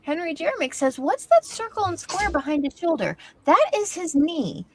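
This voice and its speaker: A woman's voice: very high voice, big pitch swings, normal speed, slight background noise. A woman co-hosting a casual livestream, reading out viewer scores playfully and giggling. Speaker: co-host reading chat.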